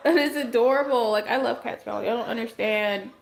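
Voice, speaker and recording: Slightly higher-pitched woman chatting on a livestream. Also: vocal fry. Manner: chatty, answers viewer comments as they come in. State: losing her voice. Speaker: livestream host. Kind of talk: casual livestream chat.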